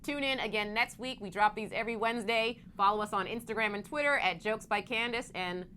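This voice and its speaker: A young adult woman co-hosting a comedic chat show, with dry deadpan jokes. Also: mid-range voice, brisk, a little hiss or hum. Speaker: co-host.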